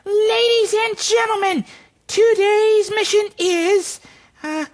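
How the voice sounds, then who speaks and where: A woman doing a squeaky, flustered meerkat. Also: steady tone, takes it slowly. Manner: hesitant, stammering. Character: jittery famous male meerkat puppet. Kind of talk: children's TV puppet show.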